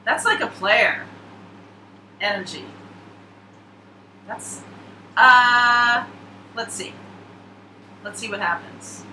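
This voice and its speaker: A woman's voice: fairly high pitch, extremely slow, long pauses, pushed and bright, echoey room, a little hiss or hum, poor audio. A woman giving a casual, chatty tarot reading, laughing and rambling through asides. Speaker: tarot reader.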